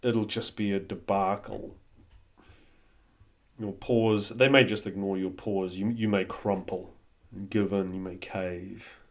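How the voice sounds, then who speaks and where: Blunt, low-voiced man coaching. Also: fairly even intonation, slow pace. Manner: blunt, swears freely, coaching tone. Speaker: host. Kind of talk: motivational monologue.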